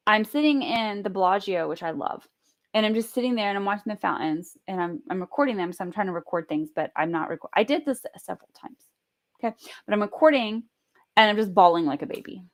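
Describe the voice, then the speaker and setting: A woman talking to her camera at home in a casual vlog. She tells stories in an animated, chatty way and swears freely. Her voice has a middling pitch. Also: fast talker. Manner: animated, profane, chatty storytelling. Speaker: vlogger.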